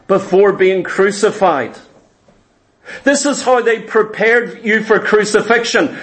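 A man preaching a sermon in an earnest, emphatic way, asking his listeners questions. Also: high voice.

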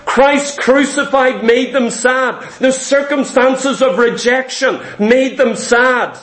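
A man with a very high voice preaches a sermon in a church. He is emphatic and repeats his points, slipping into quoted complaints from his listeners. The room is echoey. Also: fairly bright tone.

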